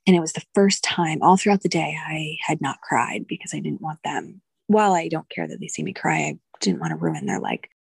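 A woman in her thirties speaks with a low, husky voice with a gravelly edge. She recounts her experience in an emotional, halting way, restarting her sentences. The sound is close and dry. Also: sing-song, no echo. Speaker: podcast guest, doula. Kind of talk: candid personal storytelling.

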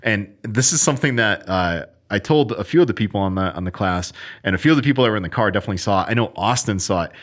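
A man with a fairly low voice tells a training story in a relaxed chat. He speeds up and acts out the lines people said. He sounds like a firearms instructor talking shop with a colleague. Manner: animated, fast storytelling with acted-out quotes.

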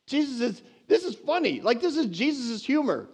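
A man preaching a sermon in a lively, conversational way, with playful asides and humor. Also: very high-pitched, moderate pace, few pauses, slightly rough. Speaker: pastor.

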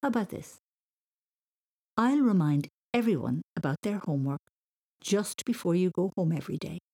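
A woman voicing a kind, thoughtful female teacher who speaks calmly and measuredly. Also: lowish voice, normal speed.

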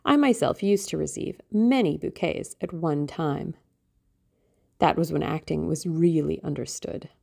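A woman's voice: sits low, a little slow, gravelly, mellow, exaggerated voice. A woman voicing a fretful, affected middle-aged mother who was once a stage actress, with a theatrical, self-pitying manner.

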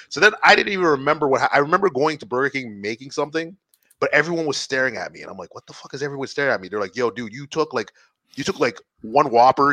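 A man's voice: mid-range voice, no echo. A man telling a wild story in casual podcast chat, laughing and swearing as he goes. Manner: animated, laughing, swearing often. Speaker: podcast co-host.

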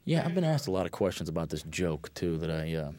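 A man's voice: low-pitched, big pitch swings, quick pace, a crowd in the background. A man, a film director, giving loose, rambling commentary on his own film, full of fillers and blunt asides. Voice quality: rambling, lots of fillers, laid-back and blunt.

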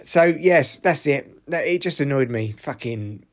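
A man's voice: on the high side, lively intonation, unhurried. A man hosting a solo podcast, ranting and swearing freely with frequent restarts. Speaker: podcast host.

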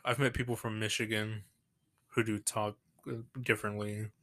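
A man in his late twenties from Texas, co-hosting a podcast and telling stories casually with halting restarts. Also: fairly low pitch, flat delivery, bright, forceful tone. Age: 20s. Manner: rambling storyteller, halting restarts. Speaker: podcast co-host. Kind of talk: casual chat.

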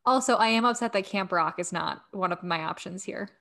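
A woman's voice: medium pitch, vocal fry, pushed and bright, a little hiss or hum. A woman in a casual chat, joking around and arguing her point playfully. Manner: quick and playfully argumentative.

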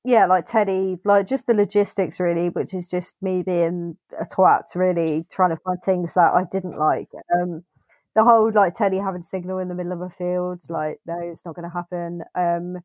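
A woman's voice: on the low side, steady tone, normal speed. A woman talks through a film on a podcast in loose, casual chat, cursing freely and slipping into little acted-out quotes of her own reactions. Her voice comes through a dull, lo-fi line with a dry, close sound and no room echo. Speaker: podcast co-host.

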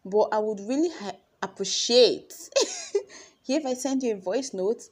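A young woman with a Nigerian accent, talking casually to her followers in a chatty, expressive way. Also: on the high side, unhurried, slightly rough. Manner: chatty and expressive, acts out conversations. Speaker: vlogger.

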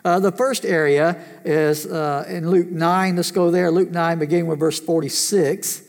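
A man gives a sermon in a big reverberant church hall. His voice sits high for a man, and he talks in a folksy, earnest way as he works through scripture. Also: steady tone, unhurried, vocal fry. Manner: folksy storytelling, earnest teaching. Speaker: pastor. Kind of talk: sermon with a told joke.

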